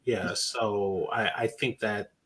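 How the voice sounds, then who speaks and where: A man's voice: on the low side, fairly even intonation, slow, a loud crowd. A man joining a casual live-stream chat as a guest, polite and hesitant, with many fillers.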